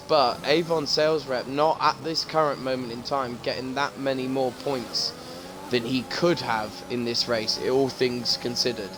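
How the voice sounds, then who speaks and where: A man's voice: mid-range voice, noisy background. A man commentating a sim racing league, joking and swearing as he talks. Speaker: race commentator.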